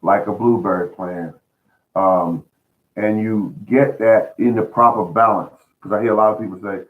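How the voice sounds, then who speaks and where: A man with a fairly low voice talks through gardening advice in a folksy, earnest manner. He repeats words and restarts his sentences as he goes. The sound is thin and tinny, like a phone line. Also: steady tone, moderate pace. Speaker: host of a home gardening show. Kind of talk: casual spoken gardening advice.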